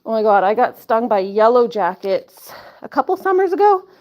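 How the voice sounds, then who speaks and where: Very animated, a woman with a slightly high voice talks at normal speed while hosting a casual live stream from home via phone or webcam, and the highs are cut off. She chats with viewers in a rambling way, full of "like" and laughs, and coos to her pets.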